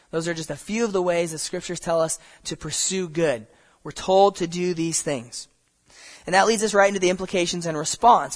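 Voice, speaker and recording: A man's voice: high-pitched, fairly bright tone. A man preaching a sermon in a conversational way, stumbling over restarts and acting out quoted voices. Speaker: pastor.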